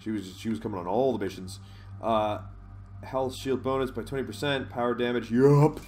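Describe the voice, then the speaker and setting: A man's voice: medium pitch, moderate pace, darkish tone, faint music behind. A man giving casual gameplay commentary, rambling, swearing and laughing often, reading menu options aloud. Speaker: let's play host.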